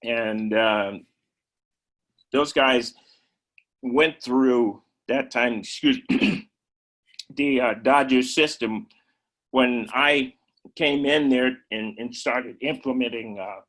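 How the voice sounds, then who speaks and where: Older man, ex-player turned coach, halting conversational delivery with repeated words and throat-clearing. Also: medium pitch, fairly bright tone, poor audio. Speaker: former major league player and coach. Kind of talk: conversational interview.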